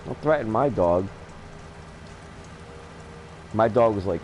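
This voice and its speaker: Man, 50s, gaming host. Blunt storyteller who laughs often; lively pitch, faint background noise. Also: measured pace, pauses often, low-quality recording. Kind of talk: casual chat while gaming.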